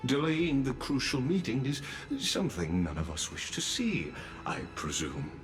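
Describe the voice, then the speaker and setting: An actor playing a courtly, theatrical palace greeter in a video game, speaking in an ornate, drawn-out way. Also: male voice, sing-song, soft background music, natural voice. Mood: ceremonious. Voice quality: deep, ornate, drawn-out delivery. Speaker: game character greeting visitors.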